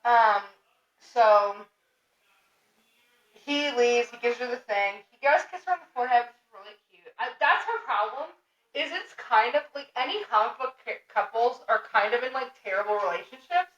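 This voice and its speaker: A young woman co-hosting a podcast, recapping a comic in animated, casual talk, laughing and swearing freely. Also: fairly high pitch, normal speed. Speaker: podcast co-host. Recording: roomy, distant, dull lo-fi sound.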